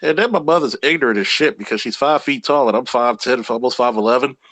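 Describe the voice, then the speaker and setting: Animated storyteller man, dry mic. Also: mid-range voice, fast, no echo, low-quality recording. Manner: animated storytelling, imitates relatives, profane. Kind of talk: casual chat, storytelling.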